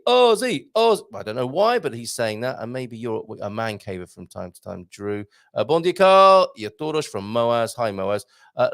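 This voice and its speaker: Lively, gravelly man hosting a chat stream. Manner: chatty, playful, punning, greets viewers by name; lively up-and-down pitch, jumps high for greetings. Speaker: host. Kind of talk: live-stream chat reading viewer comments.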